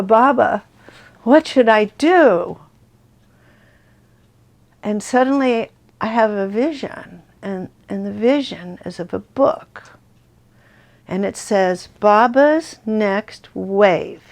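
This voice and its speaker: An older woman casually telling a personal spiritual story, animated and laughing often as she acts out what others said. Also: mid-range voice, creaky.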